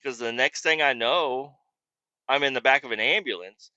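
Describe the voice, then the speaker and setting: A man's voice: medium pitch, moderate pace, pushed and bright, no echo, highs cut off. A man hosting a podcast, telling a story in a casual, profane, rambling way and poking fun at himself. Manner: profane, rambling, self-mocking. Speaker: podcast host.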